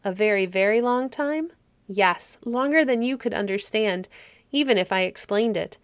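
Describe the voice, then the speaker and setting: A woman reading the part of a cheerful, kindly old caretaker woman in a fairy story, in a gentle, homely way. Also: mid-range voice, moderate pace, clean tone, no room sound, lightly acted.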